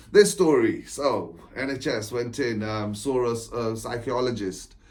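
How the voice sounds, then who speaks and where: A man's voice: mid-range voice, takes it slowly, a little mellow. A man, an author and spiritual coach, telling a personal story to camera in a meandering way, with restarts, laughs and frequent "right?" checks. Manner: breaks into short laughs while talking. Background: England.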